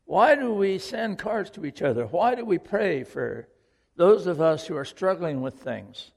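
A man's voice: high voice, very animated, unhurried, creaky, in a large hall. A man preaching a sermon to a congregation, earnest and questioning, repeating key lines for emphasis. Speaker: pastor.

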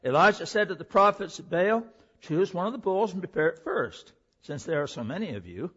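A male pastor preaching a sermon, reading scripture aloud and explaining it with animated emphasis. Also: high voice, brisk, husky, highs cut off.

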